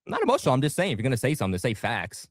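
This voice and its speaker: A man's voice: medium pitch, wildly swooping pitch, rapid-fire, no room sound, clean studio sound. A man on a sports panel insisting on his point, repeating himself to be heard. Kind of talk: heated sports debate.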